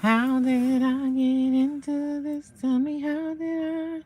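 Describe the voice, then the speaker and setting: A woman's voice: high voice, little pitch movement, slow pace, a little mellow, faint music behind. A woman rambling casually on a livestream from inside her parked car, repeating herself and calling her viewers y'all and honey, recorded on a phone. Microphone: phone camera.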